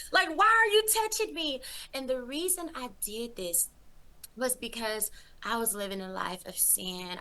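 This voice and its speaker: Bright-voiced woman telling a vivid testimony. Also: medium pitch. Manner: animated storytelling, acting out voices with laughs. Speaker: interview guest. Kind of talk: emotional testimony.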